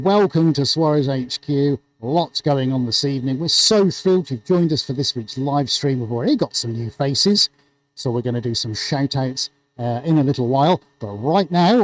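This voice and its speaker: Chirpy man hosting a live stream. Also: on the high side. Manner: chirpy, jokey, excitable. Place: art studio. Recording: music playing behind.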